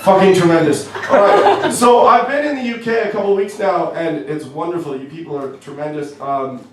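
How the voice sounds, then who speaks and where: A young Canadian man performs a stand-up set in a club, wry and self-deprecating, tripping over fillers along the way. His voice is fairly high at a moderate pace, picked up from a distance in an echoey room with faint background noise.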